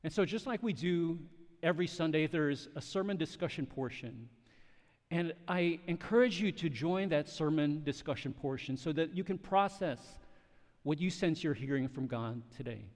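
A male pastor preaching a sermon, swinging from loud emphatic peaks down to hushed quiet passages. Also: a little high, moderate pace, big-room sound.

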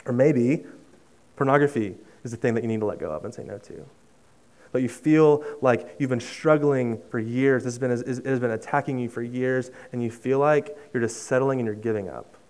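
A young man giving a sermon, telling a personal story in an earnest, conversational way with many fillers and restarts, dropping to a soft hush on emotional lines. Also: medium pitch, moderate pace. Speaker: preacher.

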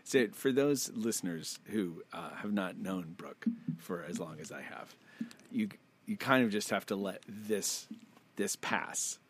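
A man co-hosting a casual podcast, chatty and quick to laugh. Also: on the low side, expressive. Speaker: podcast co-host. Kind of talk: casual chat.

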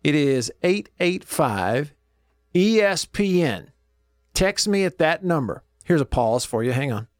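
A middle-aged man hosts a talk radio show from the studio, chatting in a loose, folksy way and narrating what he is doing as he goes. His voice sits a little high for a man. The sound is close and dry, with no room echo. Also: sing-song, unhurried. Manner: folksy and chatty, thinks aloud while clicking around. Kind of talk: casual talk radio chat. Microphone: studio microphone.

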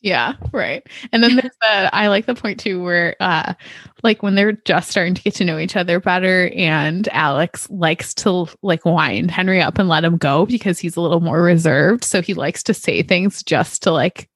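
Woman, 30s, podcast co-host; gushing, filler-heavy, slightly low voice, dry close mic. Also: moderate pace, dry recording. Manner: enthusiastic, gushing, many fillers. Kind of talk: casual book chat.

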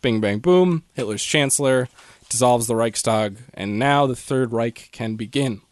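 A man's voice: mid-range voice, unhurried, dry recording. A man hosting a casual history podcast, telling the story with jokes and laughter. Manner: joking, laughs often. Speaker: podcast host.

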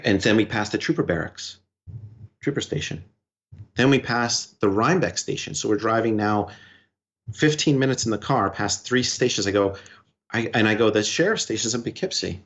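A man telling a personal story as a podcast guest, in quick short bursts that quote back and forth what was said. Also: fairly low pitch. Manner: recounts events in quick short bursts, quoting dialogue. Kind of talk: conversational storytelling. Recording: dull lo-fi recording.

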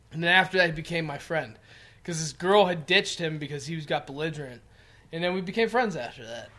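Man, 30s, high-pitched, profane, rambling storyteller, podcast co-host. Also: fairly bright tone. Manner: profane, rambling storyteller who acts out quotes. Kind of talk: casual podcast chat.

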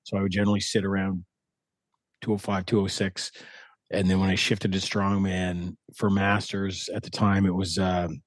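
A man's voice: low-pitched, completely flat delivery, moderate pace, dry recording. A man from Canada's East Coast with an East Coast accent, a podcast guest rambling through stories in casual chat. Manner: rambling, folksy storyteller.

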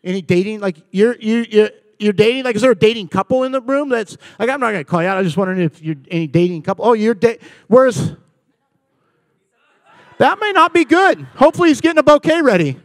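A man in his forties giving a comedic talk to a live church audience, telling animated stories and bantering with the crowd. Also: high-pitched, fast, no room sound. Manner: animated storytelling, acting out dialogue and bantering with the audience. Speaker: guest speaker at church. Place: church service.

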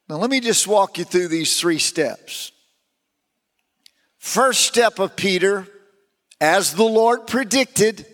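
High-voiced emphatic male preacher. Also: in a large hall. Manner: emphatic storyteller, rises to shouting. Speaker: pastor. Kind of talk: sermon.

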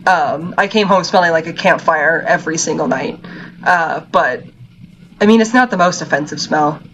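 A woman's voice: sits low, normal speed, a bit bright, a little hiss or hum, low-quality recording. Laid-back woman podcast co-host. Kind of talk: casual chat.

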